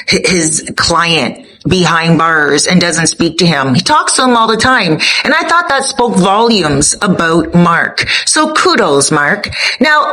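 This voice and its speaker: A woman's voice: mid-range voice, a bit bright, poor audio. A Canadian woman with a Canadian accent, giving an earnest, opinionated commentary monologue straight to her viewers. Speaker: commentary vlogger.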